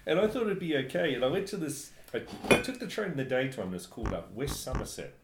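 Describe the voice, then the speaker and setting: A man from New Zealand telling travel stories in casual chat, animated and laughing often. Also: medium pitch, fast talker. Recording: echoey room, faint background noise.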